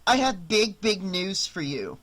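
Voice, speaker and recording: A narrator voicing a brash, teasing teenage girl who talks loud and crude. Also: medium pitch, sing-song, unhurried, pitched above the performer's own voice. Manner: loud, brassy and mocking.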